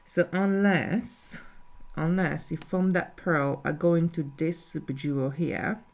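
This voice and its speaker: A woman's voice: sits low, steady tone, measured pace, creaky, darkish tone. A woman talking through a live beading tutorial step by step, thinking aloud as she works. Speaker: jewellery designer teaching beading.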